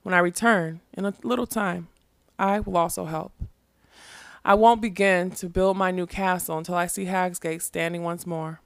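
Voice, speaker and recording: A woman voicing a grim young king who speaks firmly and gravely. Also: fairly low pitch, fairly even intonation, moderate pace, dry recording, clean studio sound, lightly acted. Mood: stern. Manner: firm, grave.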